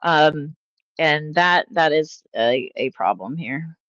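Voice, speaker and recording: A woman's voice: low voice, animated, slow pace, a bit bright, no room sound, lo-fi sound. A woman hosting casual reaction commentary, rambling and exasperated, with frequent um and uh fillers. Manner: exasperated, critical. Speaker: commentary channel host.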